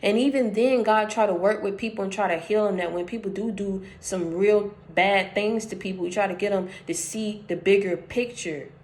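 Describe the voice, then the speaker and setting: A woman's voice: mid-range voice, steady tone, moderate pace, hardly any pauses, darkish tone. A woman giving an informal prophetic message, preaching in a slangy, conversational storytelling way. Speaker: prophetic speaker.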